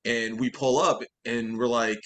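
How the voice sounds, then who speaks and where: A man with an ordinary mid-range voice chats casually as a podcast co-host. He tells his stories in a relaxed way. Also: mid-range voice, a little slow.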